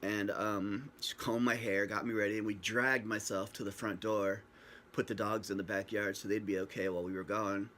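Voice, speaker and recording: A man's voice: fairly low pitch, little pitch movement, moderate pace, fairly bright tone, a little hiss or hum. A man telling his own story casually to a camera at home, rambling and joking, acting out what people said. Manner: rambling, joking, acts out quoted dialogue. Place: at home, facing a screen camera. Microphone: built-in camera mic.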